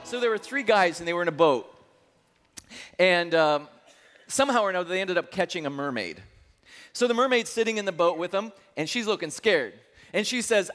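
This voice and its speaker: High-voiced pastor in an echoing hall. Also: male voice, moderate pace. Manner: playful joke-telling with lively acted voices. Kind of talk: sermon. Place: church sanctuary.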